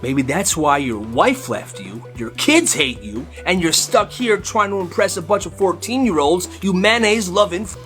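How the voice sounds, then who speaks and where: A man's voice: high-pitched, expressive, moderate pace, few pauses, a bit bright, pitched above the performer's own voice. A man playing a cheeky teen boy's cutting comeback. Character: cheeky teenage boy roasting his teacher. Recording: faint music behind.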